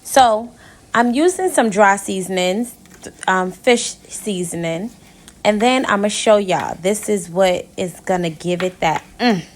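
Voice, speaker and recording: A woman's voice: mid-range voice, lively intonation, unhurried, slight background noise. A young woman chatting through a casual cooking tutorial in her home kitchen, talking straight to her viewers as "y'all". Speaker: home cook vlogger.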